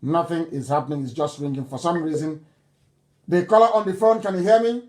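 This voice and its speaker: A man addresses listeners on a live broadcast and takes their calls. His voice sits high for a man. He hammers his points home by repeating them. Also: a little fast, darkish tone. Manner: emphatic, repeats phrases for stress. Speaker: host of a live call-in broadcast.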